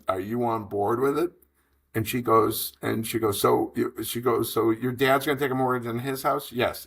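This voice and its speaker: A man in his fifties telling a long business story in an interview, animated and rambling, acting out the dialogue. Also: medium pitch, husky. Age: 50s. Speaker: franchise investor guest.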